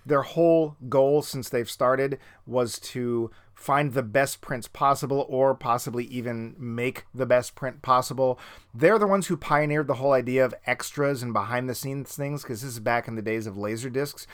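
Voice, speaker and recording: A man from Boston co-hosting a relaxed movie podcast. He talks at an ordinary middle pitch, wandering through asides and filling the gaps with ums. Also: normal speed, clean tone. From Boston area. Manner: chatty, digressive, frequent ums. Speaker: podcast co-host. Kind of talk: casual film review chat.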